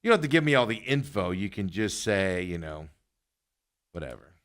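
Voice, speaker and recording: A man's voice: lowish voice, big pitch swings, moderate pace, fairly bright tone. A man hosting a casual sports talk show, rambling and trailing off as he talks. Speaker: podcast host.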